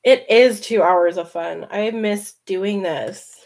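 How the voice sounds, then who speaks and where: A woman's voice: mid-range voice, takes it slowly, darkish tone. A woman hosting a casual late-night livestream, chatting, reading comments and laughing often. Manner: chatty, laughs often, talks to her cat. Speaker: livestream host.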